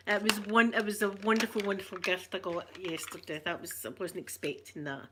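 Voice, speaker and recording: Chatty older Scottish woman, soft ASMR chat. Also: medium pitch, moderate pace, a little hiss or hum. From Scotland. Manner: chatty, rambling, affectionate, greets viewers by name. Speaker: ASMR vlogger.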